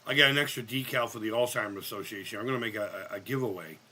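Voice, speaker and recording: A man hosting a live gaming stream. He is sick, and his voice sounds higher than usual. He chats casually, cracks jokes, swears a lot, and shouts at the game. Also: racing, husky. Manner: profane, joking, loud outbursts at the game. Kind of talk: casual live-stream chat while playing.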